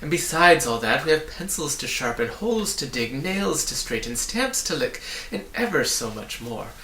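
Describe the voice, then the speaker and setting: A man voicing a sly, menacing demon of petty tasks who snarls and then coaxes in a soft, deceitful voice. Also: mid-range voice, animated, normal speed, a little hiss or hum, lightly acted. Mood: coaxing. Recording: echoey room.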